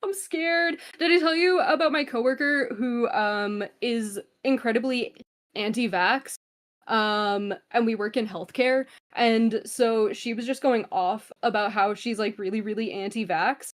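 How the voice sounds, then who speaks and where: A woman's voice: on the high side, a little slow. A woman with a Canadian accent rambling through a game-show turn, with lots of fillers and self-deprecating asides. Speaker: contestant. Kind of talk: casual game-show banter.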